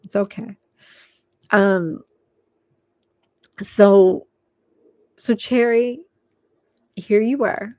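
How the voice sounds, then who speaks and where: A woman giving a live tarot reading, talking in a rambling, filler-heavy way and gently coaxing the listener to calm down. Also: mid-range voice, extremely slow, long pauses, no room sound. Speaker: tarot reader.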